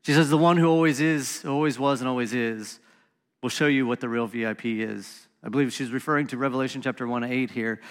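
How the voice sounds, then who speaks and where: A man's voice: mid-range voice, fairly even intonation, fairly quick, long reverb tail. A man hosting a reflective Bible study talk, reading scripture passages aloud in an earnest voice with casual asides. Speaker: podcast host teaching on scripture.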